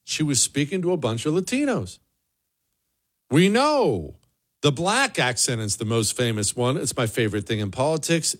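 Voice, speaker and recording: A man runs his solo commentary show in a blunt, sarcastic tone. His pitch swings widely as he presses a point. He often repeats himself for emphasis. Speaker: political commentary host.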